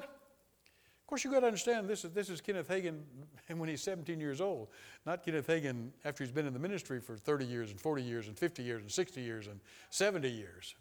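A man preaching a sermon, retelling a story with quoted dialogue in a conversational way and building to loud, emphatic peaks. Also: a little high, animated, fast talker. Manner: conversational, frequent "you know" asides.

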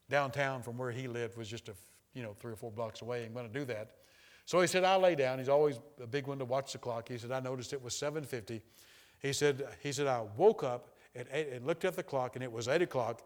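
A man preaching a sermon, retelling a story with quoted dialogue in a conversational way and building to loud, emphatic peaks. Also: fairly high pitch. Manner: conversational, frequent "you know" asides.

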